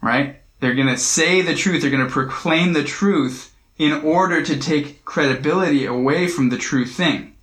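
A man's voice: fairly high pitch, normal speed, hardly any pauses, a bit bright, reverberant, rough recording. A man leading a casual Bible study, talking conversationally, often repeating himself and checking in with "right?".

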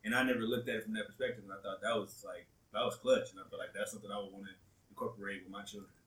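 A man co-hosting a podcast in casual chat, excitable and full of "like". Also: lowish voice. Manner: fast, excitable, lots of "like". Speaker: podcast co-host. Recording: echoey room, distant mic.

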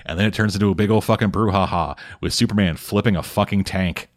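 Low-voiced man, cussing podcast co-host talking through a comic late at night, casual. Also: steady tone. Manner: profane, rambling recap with quick mock voices for characters. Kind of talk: casual chat. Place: home at night, speaking quietly for housemates.

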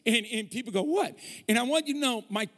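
A man's voice: very high voice, rapid-fire, fairly bright tone. A man preaching a sermon as a pastor, mixing jokes and stories with call-and-response to the congregation. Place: large church hall. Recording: long hall reverb.

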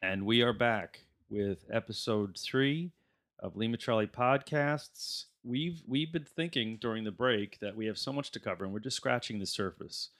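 A male podcast host with a somewhat low voice. He talks in an easygoing, chatty way and laughs often while closing out the episode. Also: fairly bright tone. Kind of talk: casual podcast chat.

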